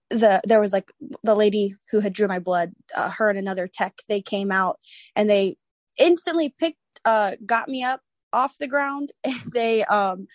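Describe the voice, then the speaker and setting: A young woman in her twenties, a podcast guest, telling a personal story in an animated, casual way, acting out the voices of others and laughing often. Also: medium pitch, dry recording.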